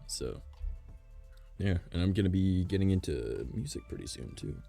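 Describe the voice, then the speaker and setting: Streaming casually with faint music behind him, this man has a deep, gravelly, warm voice and an animated delivery at a moderate pace. His strained, worn voice carries rambling, profane talk broken up by frequent laughter.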